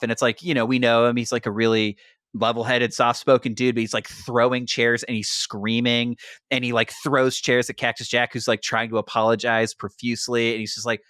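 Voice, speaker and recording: A young man hosting a podcast, retelling a story in animated casual chat and saying "like" a lot. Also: mid-range voice, a little fast, no echo, studio quality. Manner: animated retelling, heavy use of "like". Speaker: podcast host.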